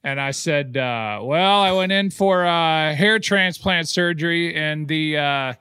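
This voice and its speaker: Co-host, man, high voice, dry close mic, brisk storyteller. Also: pushed and bright, smooth, no echo. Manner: quick, laughing anecdote-teller. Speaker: podcast co-host. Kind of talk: casual chat, storytelling.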